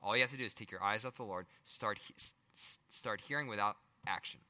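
A middle-aged male pastor preaching a sermon, firing rhetorical questions and swinging between loud emphasis and hushed asides. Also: fairly low pitch, quick pace, in a large hall.

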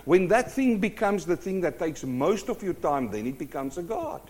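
A man preaching a sermon, telling stories in an animated way. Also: high-pitched, normal speed.

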